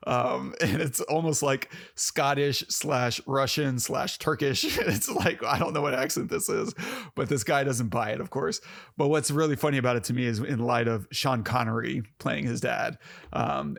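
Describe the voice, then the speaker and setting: A man's voice: mid-range voice, vocal fry, fairly bright tone, no echo, clean studio sound. A man co-hosting a podcast, chatting casually and enthusiastically about a movie, laughing often and using many fillers. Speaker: podcast co-host. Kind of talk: casual film discussion.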